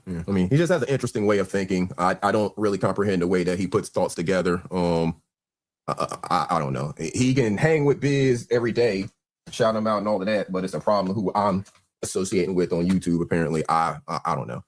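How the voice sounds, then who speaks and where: A man's voice: low-pitched, fast. A man hosting an online panel, exasperated and cursing, snapping back at a guest. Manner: exasperated, profane, sharp retorts. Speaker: panel host. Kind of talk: heated online panel debate.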